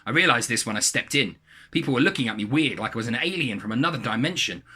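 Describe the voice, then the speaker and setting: A man reading a submitted story aloud in a lively, animated way. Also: medium pitch, fast, slightly rough.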